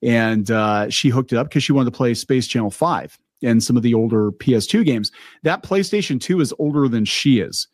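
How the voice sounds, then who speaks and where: A man's voice: medium pitch, expressive, moderate pace, no room sound. Chatty man with a cartoonish voice. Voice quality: cartoonish-sounding voice. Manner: rambling, chatty, many fillers and restarts. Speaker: video commentary host. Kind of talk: casual opinion commentary.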